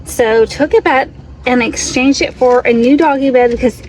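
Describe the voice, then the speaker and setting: A woman's voice: high-pitched, moderate pace, a little mellow, a little hiss or hum. A young woman chatting casually in her vlog, often slipping into fond baby talk with her dog. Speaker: vlogger. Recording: roomy echo, mic at a distance.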